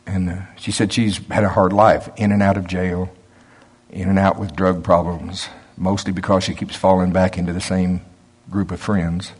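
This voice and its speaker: A man's voice: low-pitched, slightly rough. A middle-aged man preaching a storytelling sermon in a folksy way, acting out both sides of a conversation and chuckling often.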